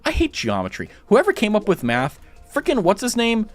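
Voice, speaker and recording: Young man, casual streamer, rambly and self-mocking, very lively pitch, a touch high. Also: moderate pace, faint music behind. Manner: rambling, self-mocking jokes, chatty with viewers. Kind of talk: casual chat while gaming.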